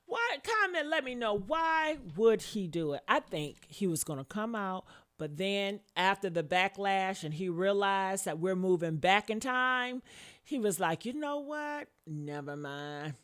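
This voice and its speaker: A woman's voice: medium pitch, expressive, unhurried, fairly bright tone. A woman hosting a casual gossip commentary show, blunt and sassy, calling her listeners honey and swearing freely as she reads comments. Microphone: camera mic with headphones on.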